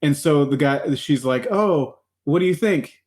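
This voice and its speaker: A man co-hosting a podcast in a relaxed, casual chat. He laughs often and rambles, restarting his sentences as he works through his thoughts about a show. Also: on the high side, measured pace, a crowd in the background. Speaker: podcast co-host.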